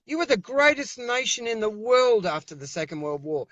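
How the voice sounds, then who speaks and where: A man's voice: high-pitched, big pitch swings, moderate pace, a bit bright, no echo, lo-fi sound. An Australian man speaking over a video call as an interview guest, giving fiery, emphatic political talk and repeating himself when worked up.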